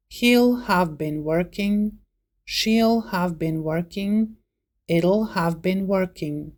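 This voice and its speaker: A woman narrating a scripted English grammar lesson as the teacher, reading out example words one at a time in a slow, deliberate way. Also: fairly low pitch, darkish tone.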